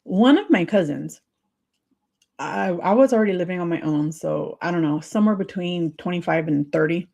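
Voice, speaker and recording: A woman's voice: lowish voice, normal speed, creaky, warm tone. A woman hosting a livestream, talking to viewers in a confiding, emotional, sympathetic way. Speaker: livestream host.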